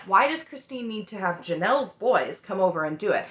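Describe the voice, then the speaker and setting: A woman's voice: medium pitch, very animated, brisk, fairly bright tone, roomy sound, dull audio, slight background noise. A woman giving an opinionated, sarcastic recap of a reality show in a chatty, heated way. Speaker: recap host.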